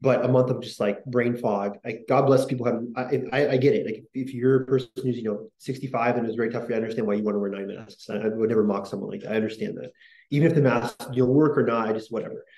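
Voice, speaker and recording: A man hosts a podcast in loose, rambling talk, full of fillers and restarts. His voice is mellow and dark. The room around him is echoey. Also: mid-range voice, steady tone, fast talker. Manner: rambling, self-interrupting, many fillers. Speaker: podcast host.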